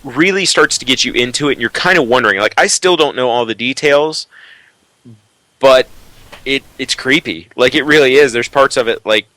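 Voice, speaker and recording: A man co-hosts a casual podcast roundtable, talking in a bright, forceful voice. He rambles and stammers, restarting his sentences, jittery from caffeine. The sound is dry and close. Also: medium pitch, moderate pace, dry recording, rough recording. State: jittery from energy drinks. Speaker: podcast co-host.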